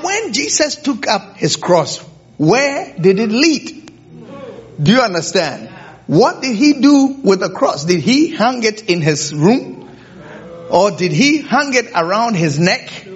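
A man preaching a sermon to a congregation, often stopping to ask whether they understand, on a dull lo-fi recording. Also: high-pitched. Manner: keeps checking in with the congregation with rhetorical questions.

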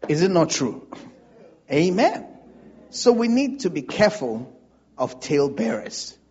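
Husky-voiced preacher man, lively pitch. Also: measured pace, lo-fi sound, a little hiss or hum. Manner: animated preaching with audience call-and-response. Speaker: pastor. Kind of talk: sermon.

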